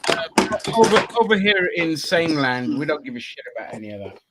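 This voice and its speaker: A man's voice: fairly high pitch, sing-song, brisk, heavy background noise. A man from Greece co-hosting a podcast, talking in blunt, sweary, dismissive casual banter. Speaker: podcast co-host.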